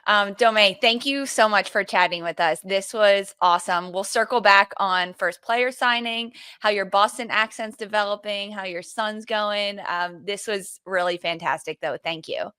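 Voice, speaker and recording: A woman's voice: mid-range voice, normal speed, hardly any pauses, pushed and bright, clean tone, no echo. A woman co-hosting a casual interview and wrapping it up in an upbeat, friendly way. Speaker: podcast co-host.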